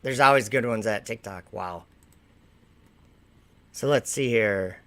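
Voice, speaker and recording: A man's voice: lowish voice, takes it slowly, sharp tone, no room sound. A man hosting a casual livestream, reading viewer comments aloud and mocking and lecturing the people who wrote them. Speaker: livestream host.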